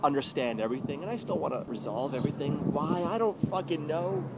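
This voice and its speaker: A young man swearing his way through an agitated, confessional rant, getting loud and then going quiet. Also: fairly high pitch, brisk. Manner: profane, agitated, swings loud and soft. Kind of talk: ranting confessional monologue. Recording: loud street noise outdoors.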